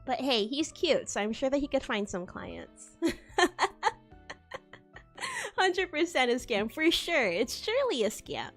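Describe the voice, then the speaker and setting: High-voiced young woman telling stories. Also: unhurried, long pauses, soft background music. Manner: animated storytelling with frequent laughter and swearing. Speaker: VTuber streamer. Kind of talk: casual chat.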